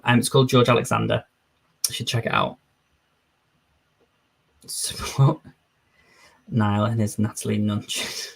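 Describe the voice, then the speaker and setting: A male streamer with a slightly husky, breathy voice at a middle pitch. He talks in a loose, chatty way, reading out viewer comments and replying to them on the fly. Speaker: streamer host. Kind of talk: casual live-stream chat.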